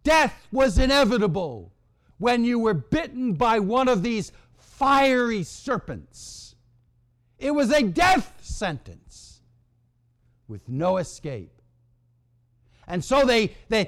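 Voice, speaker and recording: A man preaching a sermon, retelling scripture in a slow, dramatic delivery with long pauses. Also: very high-pitched, very animated, a bit bright.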